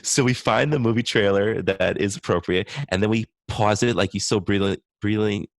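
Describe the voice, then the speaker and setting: A man's voice: lowish voice, normal speed, gravelly, no echo. A man speaking as a guest on a podcast interview, an enthusiastic speech-language pathologist thinking aloud.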